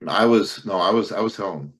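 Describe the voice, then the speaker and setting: A man's voice: on the low side, normal speed, a bit bright. A man co-hosting a podcast, chatting casually with short reactive replies. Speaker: podcast co-host. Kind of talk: casual chat.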